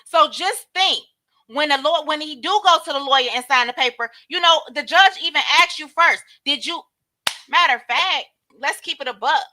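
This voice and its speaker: A woman hosts a casual commentary stream with a high, bright voice. She is blunt and slangy and addresses her viewers directly. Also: normal speed. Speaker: host.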